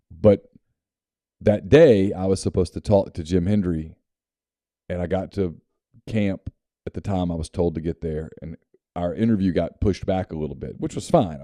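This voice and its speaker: A Southern US man co-hosts a sports podcast and tells relaxed, unhurried stories. His voice is very deep and very dark and mellow. The recording is dry and close to the mic. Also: no room sound. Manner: relaxed anecdotal storyteller. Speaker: podcast co-host. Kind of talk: casual sports chat and ad reads.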